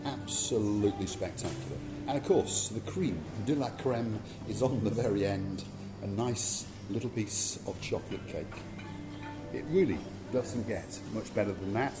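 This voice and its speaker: A man's voice: lowish voice, moderate pace, music in the background. A man hosting a vlog, giving a playful, theatrical guided tour of a hotel. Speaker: vlog host. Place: outdoors and indoors at a hotel.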